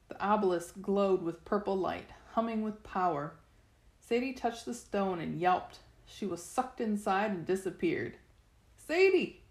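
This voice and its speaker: A woman reading a novel aloud in first person, steady storytelling with the odd restart. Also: lowish voice. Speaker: reader. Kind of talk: first-person audiobook narration. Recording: echoey room.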